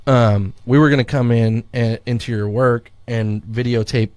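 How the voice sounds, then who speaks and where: A man's voice: mid-range voice, fairly even intonation, moderate pace, a little mellow, no room sound. A middle-aged man co-hosting a podcast in casual chat, a rambling storyteller who swears casually and acts out quotes. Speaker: podcast co-host. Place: studio.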